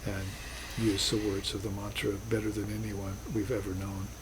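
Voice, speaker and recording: A man's voice: fairly low pitch, flat delivery, moderate pace, noisy background. Earnest male spiritual teacher lecturing. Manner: earnest, reflective, rises to emphatic bursts. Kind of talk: recorded class lecture.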